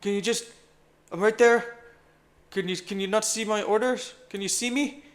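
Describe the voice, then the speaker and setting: A day trader swearing and muttering anxiously to himself while trading live, breaking into sudden shouts. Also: male voice, sits high, steady tone, normal speed.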